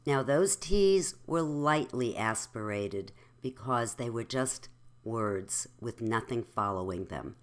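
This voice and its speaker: A woman teaching elocution, saying words and sentences slowly and very carefully for the listener to repeat. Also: a bass voice. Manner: slow, carefully enunciated, demonstrating sounds. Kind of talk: slow instructional speech drill.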